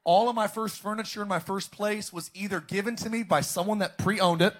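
Pastor, male, somewhat high voice, preaching with call-and-response to his congregation. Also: steady tone, a little fast, a bit bright. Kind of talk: sermon. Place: church service, streamed online.

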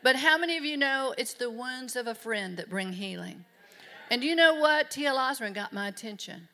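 A woman's voice: on the high side, lively intonation, moderate pace, pushed and bright. A middle-aged woman preaching a sermon in an emphatic, earnest way. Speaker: pastor.

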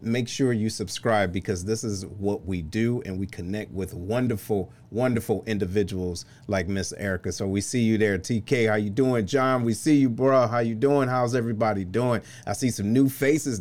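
A man hosting a live-streamed interview show, lively and excitable, shouting out viewers. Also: lowish voice, normal speed, few pauses. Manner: lively, excitable, laughs loudly. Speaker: host.

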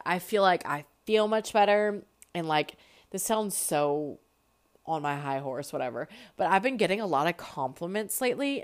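A young woman in her twenties with a slightly stuffy nose, chatting casually as a podcast host and filling her talk with "like". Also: lowish voice. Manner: chatty, lots of "like", animated asides. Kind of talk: casual chat.

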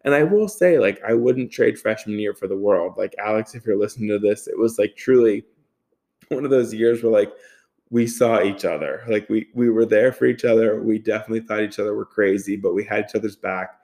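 Guy in his 30s rambling on his podcast, kinda low voice, swears a lot, laughs at his own stories. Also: fairly quick, darkish tone. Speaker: podcast host. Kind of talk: casual storytelling monologue.

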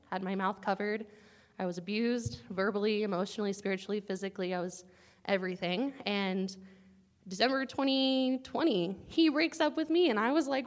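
A young woman with a mid-range, fairly bright voice shares a personal testimony with a campus group. She's casual, earnest, and chatty, full of "likes" and "guys," and at times she sounds close to tears.

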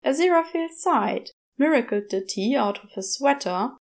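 A woman reading fan fiction aloud as a gentle, expressive storyteller. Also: high-pitched, moderate pace, vocal fry. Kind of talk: storybook narration.

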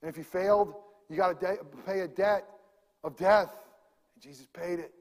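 A man preaching a sermon, swinging from loud emphasis to hushed near-whispers. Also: sits high, fairly even intonation, normal speed, big-room sound. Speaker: pastor.

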